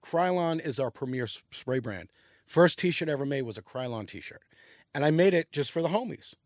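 A man's voice: a little high, normal speed, dry recording, studio quality. A middle-aged man, telling rambling, profane stories as a podcast guest. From New York. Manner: animated, profane, rambling storytelling. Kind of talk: casual storytelling chat.

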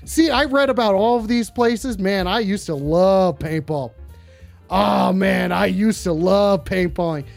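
A live-stream host in their thirties taking phone calls, talking in a loud, profane, casual way and often bursting into shouts. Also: mid-range voice, measured pace, creaky, no room sound, faint music behind. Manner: excitable, swears constantly, bursts into shouting.

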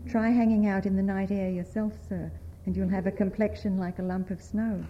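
A woman reading aloud, voicing a sly young hop picker who makes mock-polite, fast-talking excuses. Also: mid-range voice, fairly even intonation, mellow, lo-fi sound, slight background noise, lightly acted. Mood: cheeky.

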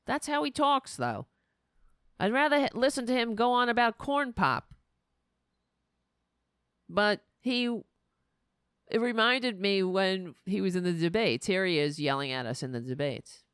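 A woman hosting a political talk show, tired and sleepy, sliding into sarcastic, animated rants. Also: medium pitch, a little slow, pauses often, clear, resonant tone, no echo, studio quality. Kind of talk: casual political commentary.

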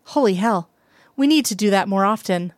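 A woman's voice: mid-range voice, expressive, normal speed, dry recording, studio quality, natural voice. A woman voicing a playful grown man in a read-aloud story, teasing and joking.

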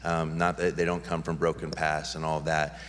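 A man's voice: a bass voice, level tone, moderate pace, slight background noise. A middle-aged man, a pastor, answering questions in an earnest, rambling way with many restarts. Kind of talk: church Q&A talk. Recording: long hall reverb.

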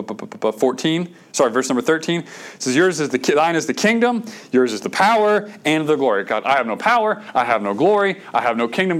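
A middle-aged man, preaching a sermon in a conversational way, with stammered restarts and bursts of emphasis. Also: medium pitch. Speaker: pastor.

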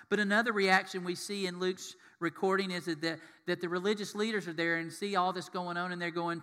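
A man preaching a sermon as pastor, telling the story in an animated way and acting out the voices of the people in it. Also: a little high, fairly quick, hardly any pauses, in a large hall.

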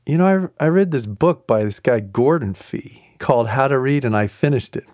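A man's voice: mid-range voice, expressive, moderate pace, hardly any pauses, a little mellow, no room sound, clean studio sound. A middle-aged man telling a personal story in a casual way, chuckling often and acting out the other people's lines. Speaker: speaker sharing a personal story.

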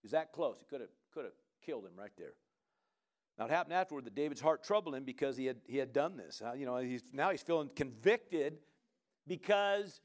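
A man preaching a sermon in a lively, conversational way, often asking the congregation "right?" and urging them on. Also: medium pitch, fairly quick. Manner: animated, conversational preaching with frequent "come on" and "right?". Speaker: pastor.

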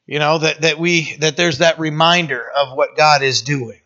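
Male pastor, relaxed chatty sermon, bright forward tone, muffled lo-fi sound. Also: a little high, normal speed. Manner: casual, animated, many restarts and asides. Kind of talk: conversational sermon.

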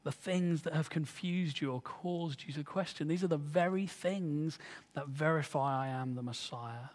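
High-voiced preacher in a reverberant hall. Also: male voice, normal speed. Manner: conversational, earnest preaching with rhetorical questions. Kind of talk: sermon.

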